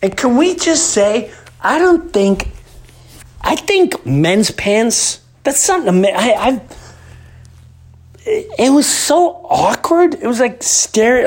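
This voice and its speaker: A man in his fifties hosting a podcast, telling a rambling story in a casual monologue that jumps into loud disbelief. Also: very high voice, sing-song, slow. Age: 50s. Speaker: podcast host.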